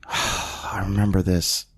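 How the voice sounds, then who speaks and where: A man's voice: low voice, slow pace. A man in his thirties hosting a casual movie podcast, retelling scenes with acted-out voices. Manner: animated retelling, acts out lines in voices. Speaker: podcast host. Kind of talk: casual movie recap chat.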